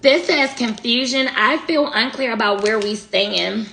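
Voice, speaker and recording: A woman's voice: fairly high pitch, a little slow, creaky, pushed and bright. A woman giving a casual live tarot reading, blunt and slangy, talking straight to her viewers. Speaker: tarot reader. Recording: echoey room, faint noise.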